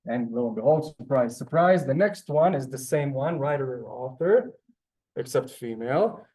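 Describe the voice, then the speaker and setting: A patient man teaches a Hebrew class, his mid-range voice expressive and mellow at a moderate pace. He explains step by step and often checks in with the class during the lesson.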